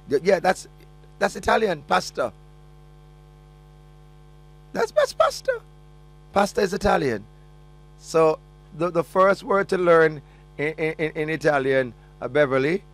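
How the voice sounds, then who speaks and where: A man with a Jamaican accent hosting a call-in radio show, chatting and joking as he reads listener messages, slipping between patois and English. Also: fairly high pitch. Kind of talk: casual radio chat reading listener messages.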